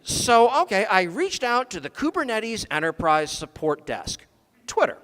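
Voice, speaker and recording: A man's voice: high-pitched, very animated, measured pace, fairly bright tone. A man giving a comedic technical talk at a conference, full of dry, sarcastic jokes. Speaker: conference speaker. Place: conference hall stage. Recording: long reverb of a large hall.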